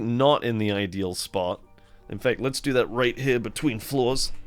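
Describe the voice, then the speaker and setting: A middle-aged man drifts through loose, rambling gameplay commentary at an ordinary, mid-range pitch. His talk is laid-back and full of chatty asides. Faint game music plays beneath his voice. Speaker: let's play host.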